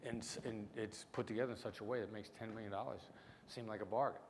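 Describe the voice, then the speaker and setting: In a large lecture hall, a middle-aged negotiation expert gives a punchy conference keynote built on stories and dramatic pauses, his accent mixing small-town Midwest with New York City. His voice is fairly low and steady. Hall reverb and faint room noise color the recording.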